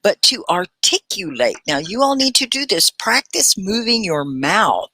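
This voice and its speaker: A middle-aged woman from Texas hosting a live online English lesson, chatty and clearly articulated, greeting viewers by name. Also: mid-range voice, big pitch swings, unhurried, sharp tone, no room sound. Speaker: English teacher and livestream host.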